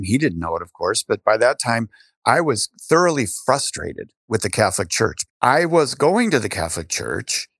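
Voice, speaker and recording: An older man telling his story as an interview guest, animated, with frequent restarts. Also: medium pitch, gravelly, dry recording, clean studio sound.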